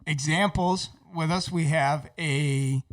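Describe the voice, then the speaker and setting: A man's voice: a little high, steady tone, slow pace. A man with a light Northeastern American accent, a podcast co-host who jokes and laughs often in casual banter.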